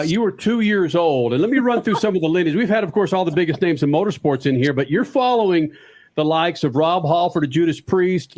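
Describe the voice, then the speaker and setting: A man with a high, light speaking voice hosts a radio talk show from a studio. He talks fast and loose, full of hype, and works hard to build up his guest. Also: a little mellow. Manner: enthusiastic, hypes the guest. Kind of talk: energetic casual radio talk.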